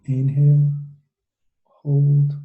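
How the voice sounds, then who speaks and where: A man leading students through a guided relaxation meditation, giving soft, unhurried instructions with long pauses. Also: fairly high pitch, completely flat delivery, phone-quality sound, soft background music. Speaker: mindfulness coach for students. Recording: echoey room.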